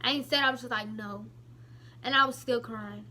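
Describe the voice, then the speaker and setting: This young woman's voice sits on the high side at a normal speed, with a little hiss or hum in the recording. She tells her viewers a personal story in a relaxed, emotional, lively way, sprinkled with many asides.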